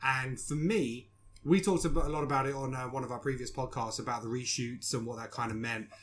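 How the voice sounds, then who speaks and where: A man's voice: medium pitch, fairly quick, slight background noise. A man hosting a casual film podcast, talking loosely with fillers and putting questions to his co-hosts. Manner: relaxed, many fillers, asks co-hosts questions. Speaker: podcast host.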